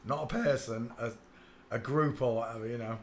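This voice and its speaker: A man's voice: mid-range voice, moderate pace, slight background noise. A man from England with a Northern English accent, hosting a casual livestream and chatting, humming and muttering to himself while he works. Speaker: livestream host.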